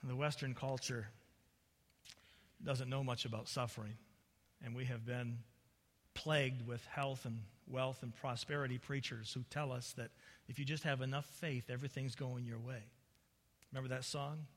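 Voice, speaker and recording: A male pastor preaching an impassioned sermon, building to loud peaks and dropping into folksy asides to the congregation. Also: mid-range voice, steady tone, normal speed, long pauses. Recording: long hall reverb.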